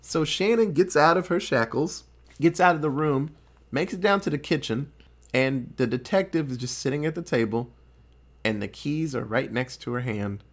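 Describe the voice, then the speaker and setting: A podcast co-host with a medium-pitched voice casually recaps a film's plot in a relaxed chat. He swears freely and acts out the characters' lines in quick put-on voices.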